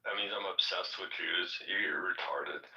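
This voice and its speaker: A man's voice: sits low, unhurried, bright, forceful tone, reverberant, distant mic, dull audio. A man hosting a live stream, arguing with a caller in a confrontational, exasperated and mocking way. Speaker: host of a live audio stream. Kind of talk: heated live debate.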